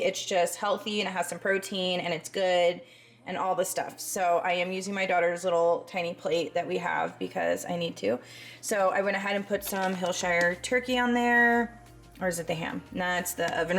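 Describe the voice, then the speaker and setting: A woman chatting in a casual voice-over about her cleaning routine, rambling with asides and short of breath. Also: mid-range voice. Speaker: cleaning vlogger.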